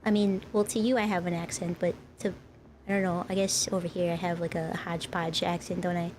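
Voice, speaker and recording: A woman's voice: lowish voice, little pitch movement, a little fast, darkish tone, a little hiss or hum. A woman streamer in casual live-stream chat, rambling and talking to her viewers. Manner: rambling, chatty, talks to chat.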